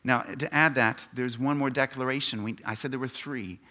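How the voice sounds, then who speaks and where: A man preaching a sermon, asking his congregation questions and swinging from quiet asides to loud, emphatic lines. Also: mid-range voice, steady tone, normal speed. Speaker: pastor.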